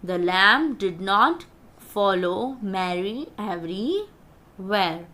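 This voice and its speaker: Slow, deliberate woman teaching grammar. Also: medium pitch, expressive, sharp tone. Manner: slow, deliberate explaining, spells out words. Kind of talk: grammar lesson for schoolchildren.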